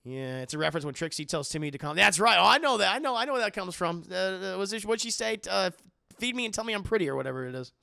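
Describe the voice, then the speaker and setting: Excitable, gravelly man in rambling chat. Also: high-pitched, quick pace, hardly any pauses, dry recording, clean studio sound. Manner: rambling, excitable, swears freely, laughs often. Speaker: podcast host. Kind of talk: casual chat.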